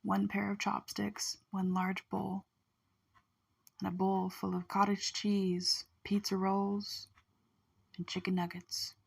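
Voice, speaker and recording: A woman telling a rambling first-person story in a slow, drifting way, often dropping into a whisper. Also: mid-range voice, completely flat delivery, creaky, breathy edge.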